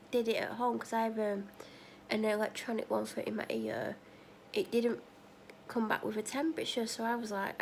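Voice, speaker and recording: This vlogger's voice is fairly high and creaky, with slight background noise behind it. Chatting casually, she rambles in run-on asides, reenacting conversations by voicing both sides.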